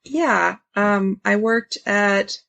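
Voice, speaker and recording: Gravelly-voiced podcast co-host woman. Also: medium pitch, drawn-out words, a bit bright. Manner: casual, uses "like" a lot, laughs easily. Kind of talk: casual chat.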